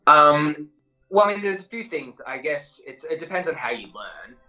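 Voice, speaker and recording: Australian man, actor, interview guest, bright voice, rambling, filler-heavy talk. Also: fairly high pitch, sing-song, moderate pace, faint music behind, rough recording. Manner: rambling, self-correcting, lots of fillers. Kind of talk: casual interview chat.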